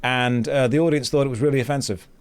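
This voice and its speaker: A man's voice: mid-range voice, steady tone, fast, clean tone. A British man hosting a gaming stream, chatting casually and telling rambling anecdotes with wry humour. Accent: British English. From Britain. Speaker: streamer host. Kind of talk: casual chat while gaming.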